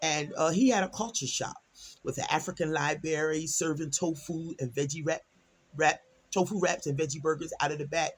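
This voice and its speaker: A woman's voice: sits low, normal speed, slightly rough. A middle-aged woman from Delaware, telling a personal story in a casual, chatty vlog style, acting out what people said with emphatic exclamations. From Delaware, USA. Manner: animated, chatty, acts out quotes with emphatic exclamations. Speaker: storytime vlogger.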